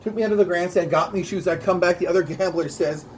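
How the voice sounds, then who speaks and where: A man's voice: sits high, fast, slight background noise, poor audio. Man delivering stand-up punchlines. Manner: punchy delivery, repeats a catchphrase; bilingual. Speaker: stand-up comedian. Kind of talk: rehearsing a stand-up bit.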